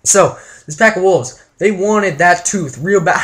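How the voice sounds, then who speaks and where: A man's voice: high voice, a little slow, fairly bright tone. A young man from Canada telling a wild story to his viewers in a joking, exaggerated vlog style. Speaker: vlogger.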